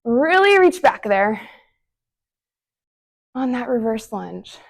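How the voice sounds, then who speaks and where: A young woman with a slightly high voice coaching a home workout. She is out of breath and puffs between cues. She counts down sets and cheers the listener on. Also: very animated, slow pace. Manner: encouraging, counting down reps between short breathy exhales. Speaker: fitness instructor. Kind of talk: follow-along workout instruction.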